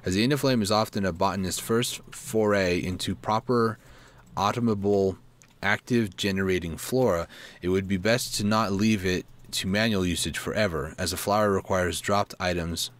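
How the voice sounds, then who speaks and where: A man hosting a gaming video, reading an in-game guide aloud, stumbling over words and correcting himself, with asides and questions to himself. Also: deep voice. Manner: reads aloud haltingly, stumbling and self-correcting. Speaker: gaming channel host.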